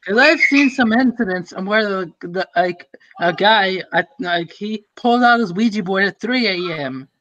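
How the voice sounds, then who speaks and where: A young man in casual group voice chat, rambling and halting, full of fillers and restarts. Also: high voice, sharp tone. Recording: dull lo-fi voice chat audio.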